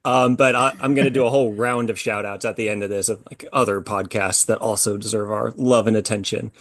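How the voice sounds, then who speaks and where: A man's voice: on the low side, fairly even intonation, brisk, fairly bright tone, no room sound, clean studio sound. A man moderating a horror podcast panel over a video call, friendly and upbeat, laughing easily. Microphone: video call mic.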